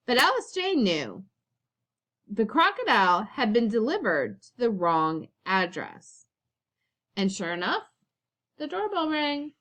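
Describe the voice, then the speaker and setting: A woman teacher reading a children's picture book aloud, expressive and storytelling. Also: fairly high pitch, slow pace, pauses often.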